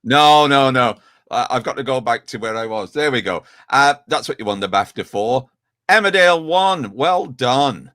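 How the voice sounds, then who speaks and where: A man's voice: mid-range voice, normal speed, dry recording, studio quality. A man hosting a chat show on a video call, reading out viewer messages and teasing his guests. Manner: lively, reads out viewer messages. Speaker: host.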